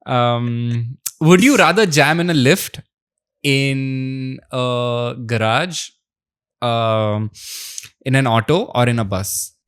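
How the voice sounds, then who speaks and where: A man with an Indian English accent hosting a podcast, asking quick quiz questions and giving short, upbeat reactions. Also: medium pitch, a bit bright, clean tone, no echo, clean studio sound. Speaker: podcast host. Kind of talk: casual podcast interview.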